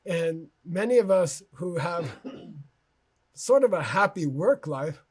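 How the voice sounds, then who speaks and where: A man giving a relaxed lecture for an online course, his voice sitting a little high and carrying a husky edge. He keeps it conversational, tucking "okay?" and "you know" between his points. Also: slow pace. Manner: tells anecdotes about himself. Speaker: teacher.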